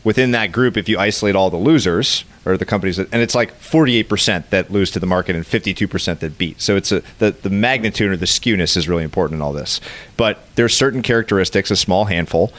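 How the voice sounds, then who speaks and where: Brief: low-voiced male podcast host, measured and explanatory. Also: fairly bright tone. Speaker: podcast host, quant investor. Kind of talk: casual podcast conversation.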